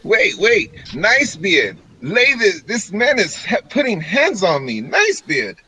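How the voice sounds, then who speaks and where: A vain, flirtatious elf adventurer, put on by a man at a tabletop game, sweet-talking in an unhurried drawl. When he is being thrown out, he protests with slow, wounded indignation. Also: mid-range voice, lively intonation, fairly bright tone, heavily acted, low-quality recording. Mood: indignant. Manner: smooth-talking, then indignant. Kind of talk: tabletop role-play.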